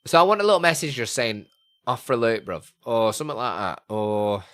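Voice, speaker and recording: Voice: mid-range voice, very animated, a little fast, a bit bright. A live streamer, chatting casually and thinking aloud while talking to viewers. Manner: rambling, thinking aloud to chat. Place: home streaming setup.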